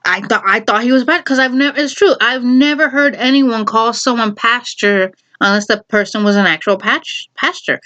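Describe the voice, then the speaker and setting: A woman from Chicago telling a family story in casual vlog style, animated and laughing, often correcting herself mid-sentence. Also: high voice, normal speed. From Chicago, USA. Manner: animated, laughing, self-correcting, acts out quotes. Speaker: vlogger. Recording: dull lo-fi recording.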